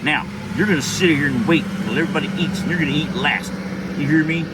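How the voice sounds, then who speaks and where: A man's voice: a little high, quick pace, very noisy, pitched above the performer's own voice, natural voice. A man voicing a short-tempered, stern mother who barks threats at her son. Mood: angry scolding. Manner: barking threats. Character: angry stern mother, middle-aged woman, short-tempered.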